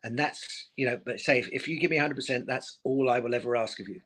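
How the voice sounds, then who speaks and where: Man, middle-aged, quick repetitive talk, emotional, mid pitch. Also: a bit bright, a little hiss or hum. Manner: rapid, repeats words, emotional. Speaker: speedway team manager, former rider. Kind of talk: casual live-stream interview.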